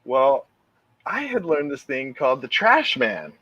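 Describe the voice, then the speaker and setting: A man's voice: medium pitch, very animated, measured pace, pushed and bright, husky, dry recording, lo-fi sound. A middle-aged man co-hosting a podcast, telling rambling, laughing anecdotes in casual chat. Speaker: podcast co-host.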